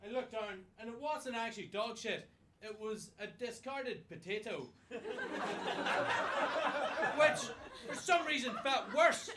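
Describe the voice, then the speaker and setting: A man's voice: very high voice, lively intonation, unhurried, long pauses, heavy background noise. A man with an Irish accent doing a stand-up comedy set on a club stage, self-mocking and swearing freely. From Ireland.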